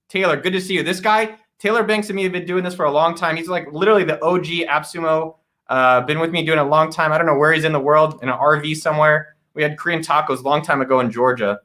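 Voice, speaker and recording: Upbeat, bright-voiced male livestream host. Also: high voice. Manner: energetic, joking shout-outs to viewers. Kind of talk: casual live office-hours chat. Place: home studio in a guest room.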